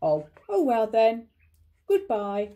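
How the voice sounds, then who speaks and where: A gentle, muddled little bear, as a grandmother reads him aloud. He speaks in a slow, plaintive way with a soft, mellow tone, drawn out as if thinking hard. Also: a little high, wildly swooping pitch, heavily acted. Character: gentle, greedy, muddled young male bear.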